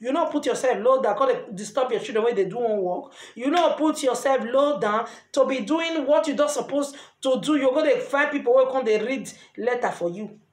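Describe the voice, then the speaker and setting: Nigerian pidgin-speaking woman vlogging, earnest and preachy, highish voice, roomy echo. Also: a little fast, few pauses. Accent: Nigerian Pidgin English. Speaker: vlogger giving advice. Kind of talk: casual advice monologue. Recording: echoey room.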